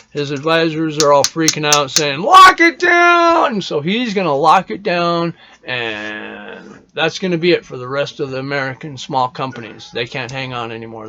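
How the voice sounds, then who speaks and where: A man's voice: fairly high pitch, a bit bright, highs cut off. A man hosting a casual show, rambling through opinions in a loose monologue, swearing often and restarting his sentences. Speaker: podcast host.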